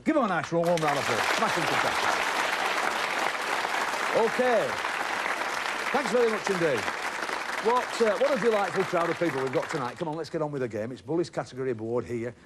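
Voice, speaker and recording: A man's voice: on the high side, animated, fairly quick, pauses often, over a noisy crowd, heavy background noise. A middle-aged man hosting a TV game show in a studio, jovial and teasing, chatting with contestants. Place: TV studio with audience.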